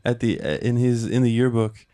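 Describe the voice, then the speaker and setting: A young man chatting on a comedy podcast, halting and self-deprecating, with a mid-range voice. He stumbles over words and starts his sentences again. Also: medium pitch, fairly even intonation, warm tone. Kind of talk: casual chat.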